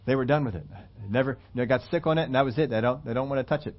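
Animated male preacher, lo-fi sound. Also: mid-range voice, very fast. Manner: animated storytelling, emphatic repetition. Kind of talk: sermon with scripture reading. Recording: dull lo-fi recording.

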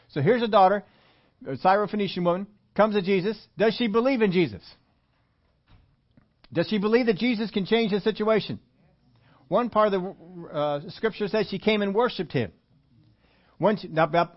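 A man's voice: high voice, dull audio. A male pastor giving a conversational sermon, reading scripture and asking the congregation rhetorical questions with humorous asides.

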